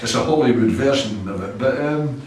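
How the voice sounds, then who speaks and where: A Scottish man, a rock musician, tells loose, rambling stories and chuckles between them. His voice sits at an ordinary pitch and is picked up from some distance. The room around him rings with heavy echo, and faint ambient noise sits underneath. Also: moderate pace. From Scotland. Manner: rambling anecdotes, chuckling often. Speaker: rock musician being interviewed. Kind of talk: casual interview chat. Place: old cinema venue. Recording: echoey room from a distant mic.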